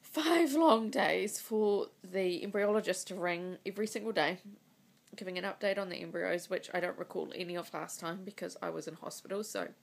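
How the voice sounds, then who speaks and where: A woman in her thirties recording a personal video diary on her phone. She is crying, and she talks in a halting, emotional way, with sighs between her words. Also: lowish voice, creaky. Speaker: vlogger. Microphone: phone mic.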